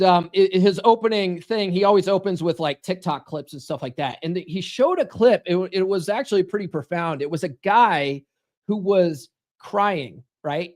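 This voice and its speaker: A man hosting a podcast, talking casually and bluntly, swearing and tossing in "right?" and "okay?" as he goes. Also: high voice. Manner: blunt, profane, keeps checking in with "right?" and "okay?". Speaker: podcast host. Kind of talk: casual monologue to a live chat.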